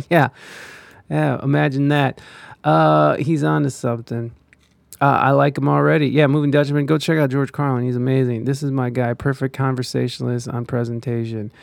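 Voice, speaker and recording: A man's voice: medium pitch, steady tone, normal speed, creaky, dry recording, clean studio sound. A man ranting in casual commentary, profane and heated, rambling with many restarts.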